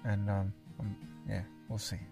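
A man's voice: lowish voice, flat delivery, a little slow, gravelly, over music. A man, talking casually to camera on a hunting vlog outdoors in wet bush, swearing now and then. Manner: casual, swears, talks to viewers as guys. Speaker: hunting vlogger.

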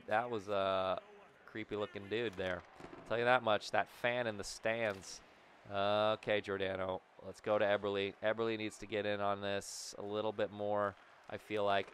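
A young man giving excitable live commentary as he plays a hockey video game, urging on his players and talking to himself. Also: lowish voice, unhurried, clear, resonant tone. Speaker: gaming YouTuber.

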